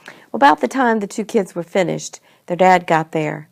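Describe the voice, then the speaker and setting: A woman telling a homey family story in an unhurried, conversational way. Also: on the low side, expressive, creaky. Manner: homey, unhurried, slips between we and they. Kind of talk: storytelling to children.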